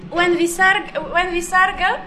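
A woman teaching a live class on pronunciation, patiently correcting and repeating words slowly and precisely. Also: extremely high pitch, fairly even intonation, very noisy.

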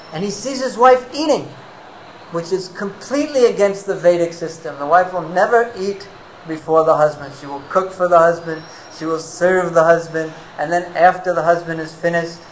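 A man preaching a devotional sermon, an animated storyteller who weaves in Sanskrit terms. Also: fairly high pitch, normal speed, a little hiss or hum, rough recording.

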